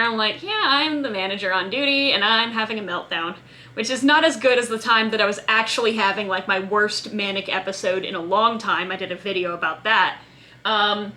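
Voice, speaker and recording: Bright-voiced woman rambling in a casual vlog. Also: on the high side. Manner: chatty, scattered, quick asides and self-mocking. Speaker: vlogger.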